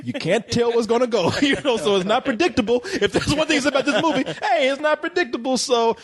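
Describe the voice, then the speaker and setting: A man's voice: very high voice, brisk, breathy edge. A man reviewing a film in casual chat, laughing often and stumbling over false starts. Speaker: movie reviewer.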